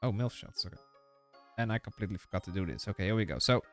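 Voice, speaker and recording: A man's voice: fairly low pitch, fast talker, dry recording, soft background music. A man streaming a game live, chatting casually with his viewers in a rambling way, full of fillers and restarts. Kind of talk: casual live-stream chat while gaming.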